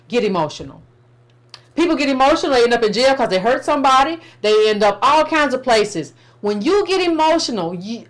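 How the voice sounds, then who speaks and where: A woman's voice: a little high, fairly bright tone. A woman hosting a call-in talk show, firm and reassuring with callers. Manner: firm and reassuring, calls listeners fam.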